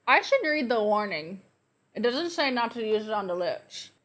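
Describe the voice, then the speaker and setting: A young woman chatting through a makeup tutorial, excitable and gushing, joking with the camera and gasping in delight. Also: on the high side, moderate pace. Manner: excitable and gushing, with frequent gasps and squeals; playful, self-mocking banter to the camera. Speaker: beauty vlogger. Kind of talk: chatty get-ready-with-me makeup vlog.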